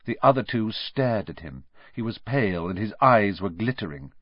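Animated male audiobook narrator. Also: lowish voice, normal speed, dry recording. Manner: expressive, animated storytelling. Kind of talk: scripted narration. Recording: dull, dry close recording.

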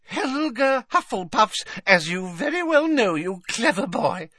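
A man's voice: sits high, very animated, unhurried, sharp tone, dry recording, studio quality, pitched above the performer's own voice, full character voice. Man putting on a simpering old rich lady. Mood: coy gushing. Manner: simpering, coy, gushing.

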